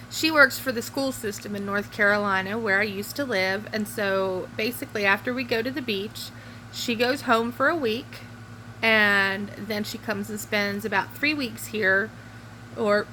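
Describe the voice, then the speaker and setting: A woman's voice: medium pitch, bright, forceful tone, slight background noise, poor audio. A middle-aged woman, chatting casually to her camera at home in a rambling way with many fillers. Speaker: vlogger. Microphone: phone or camera close by.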